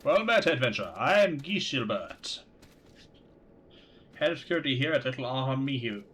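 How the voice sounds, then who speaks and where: A man's voice: medium pitch, lively intonation, normal speed, a bit bright, lightly acted. A man reading aloud as an earnest, helpful male guard captain from a game, in a plain voice with a mild dramatic lift.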